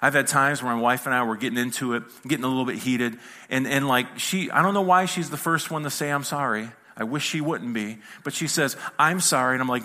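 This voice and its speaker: A man's voice: medium pitch, fairly quick, pushed and bright. A male pastor preaching a conversational sermon to a congregation in a church, mixing humor with acted-out quotes.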